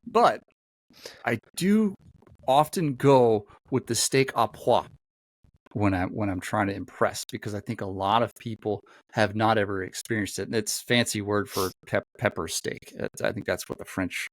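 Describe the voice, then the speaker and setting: A man's voice: fairly low pitch, normal speed, no echo. A man hosting a podcast, chatting casually and telling a long rambling story. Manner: rambling storyteller, lots of fillers and restarts. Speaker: podcast host. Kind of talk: casual chat.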